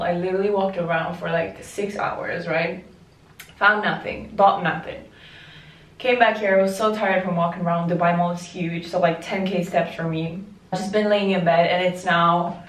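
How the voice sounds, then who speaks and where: Bubbly swedish girl in her twenties chatting to her camera, kinda low voice, lots of likes and ums. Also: a little hiss or hum. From Sweden. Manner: chatty, bubbly and excitable, with many fillers. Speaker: vlogger. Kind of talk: casual vlog chat. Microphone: handheld camera.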